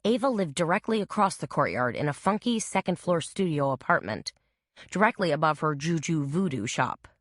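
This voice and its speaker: A woman narrating a mystery audiobook with an even, measured reading. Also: low-pitched, no room sound, studio quality.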